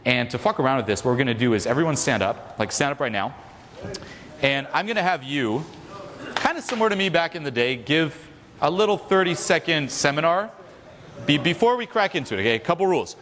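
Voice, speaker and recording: A man leading a seminar, coaching a live audience in a loud, profane, energetic way. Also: a little high, fairly quick. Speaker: seminar leader. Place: large hall with a live audience. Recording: echoey hall with crowd noise.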